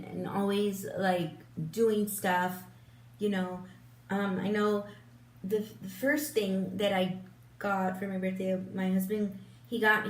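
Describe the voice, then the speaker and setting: An older woman chatting casually while doing her makeup, rambling, with lots of fillers, restarts and laughs. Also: mid-range voice. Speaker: beauty vlogger. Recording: roomy, distant mic, faint hum.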